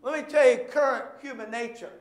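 A male pastor preaching a sermon, telling stories with animated shouted bursts. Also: extremely high pitch, fairly quick, echoey room.

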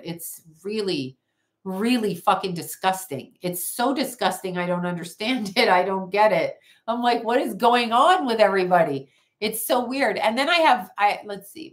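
A woman hosting a psychic livestream from home, chatting casually and bluntly with viewers and swearing freely as she reads their comments. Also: medium pitch. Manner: blunt, profane, talks back to chat.

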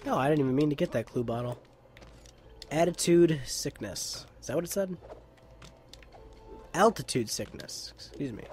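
A man's voice: a little high, animated, moderate pace, long pauses, darkish tone, soft background music. Giggly joking let's play guy. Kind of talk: casual gameplay commentary.

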